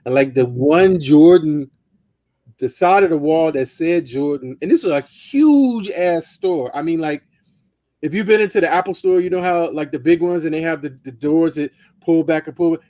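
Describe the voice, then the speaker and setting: A man with a somewhat high voice co-hosts a casual podcast. He talks in a relaxed, rambling way, full of filler words. The recording is close and dry. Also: moderate pace, no echo. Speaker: podcast co-host. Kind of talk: casual chat.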